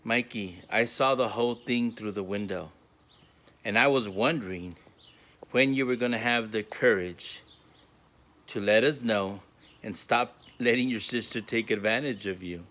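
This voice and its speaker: A man voicing a calm grandmother who gently scolds her grandson, in a storytelling talk for a school. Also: on the low side, a little slow. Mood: gently stern.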